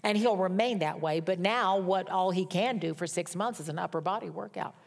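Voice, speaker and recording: A woman's voice: fairly low pitch, brisk, vocal fry. Candid middle-aged woman preaching. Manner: animated storytelling, candid and self-mocking. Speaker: pastor. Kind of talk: sermon.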